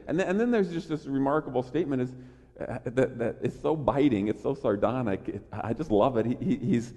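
A man preaching a sermon in an emphatic, animated way, often restarting his phrases. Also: mid-range voice, fairly quick, long reverb tail. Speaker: pastor.

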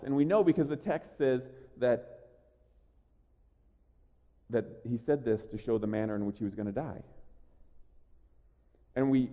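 A man preaching a sermon, earnest and emphatic, slowing on key lines and repeating words as he starts. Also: mid-range voice, dark tone, lo-fi sound. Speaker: pastor. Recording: long reverb of a large hall.

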